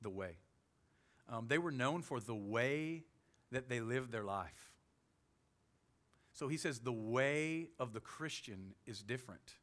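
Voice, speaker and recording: A man with a Southern US accent preaching a sermon as pastor, animated, with quick humorous asides. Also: mid-range voice. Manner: animated preaching, with sudden loud jokey voices and soft asides.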